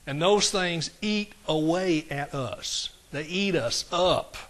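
In a slightly high, bright voice, a pastor with a drawl talks his way through a sermon like a conversation, regularly turning aside to address his congregation briefly and plainly.

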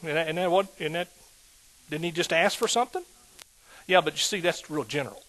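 A man preaching a sermon in a lively call-and-response manner, asking the congregation questions. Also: a little high, brisk.

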